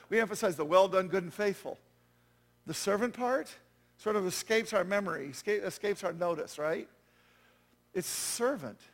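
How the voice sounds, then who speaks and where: A man preaching a sermon as pastor, conversational and self-deprecating, with frequent asides to the congregation. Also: sits high.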